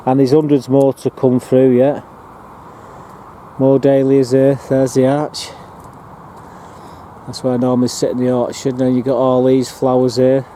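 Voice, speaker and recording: Rambling man with a dark, mellow voice. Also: medium pitch, completely flat delivery, normal speed, long pauses, slight background noise. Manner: chatty, rambling, with fillers and restarts. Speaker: allotment gardener giving a plot tour. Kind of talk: casual walking tour narration. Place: outdoor allotment garden in a town.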